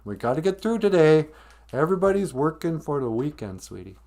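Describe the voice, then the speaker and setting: A man's voice: on the high side, lively intonation, a little fast, a little mellow. Podcast guy rambling thru a story, jokey, voice all over the place, hums bits. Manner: rambling, jokey, sing-song asides. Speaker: podcast host. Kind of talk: comedic storytelling.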